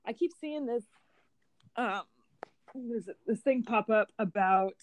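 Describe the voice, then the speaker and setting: A woman hosts a casual podcast interview, joking along and asking relaxed questions. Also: fairly high pitch, measured pace, rough recording. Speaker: podcast host.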